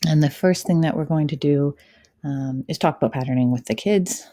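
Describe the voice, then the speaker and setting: A woman's voice: low voice, moderate pace, mellow, no echo, clean studio sound. A woman kindergarten teacher talking through a tutorial on how she runs her online lessons, chatty and explaining step by step with light fillers. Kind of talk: tutorial walkthrough.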